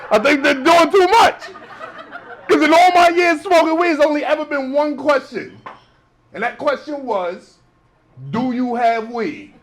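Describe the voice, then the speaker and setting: A male stand-up comedian doing a club set, loud and animated as he acts out people. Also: very high voice, a little hiss or hum. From New York.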